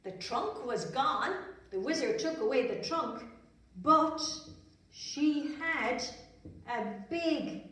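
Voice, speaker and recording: A woman tells a children's story slowly, with lively, sweeping pitch and playful sound effects. She is heard from a distance in a room with a lot of echo. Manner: slow, lively and expressive, adds sound effects. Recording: echoey room from far off.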